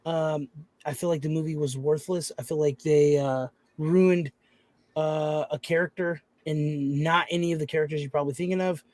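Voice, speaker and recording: A man co-hosting a podcast in casual chat, agreeable and quick to chime in. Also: fairly high pitch, fairly even intonation, darkish tone, dry recording. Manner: agreeable, many short affirmations. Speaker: podcast co-host.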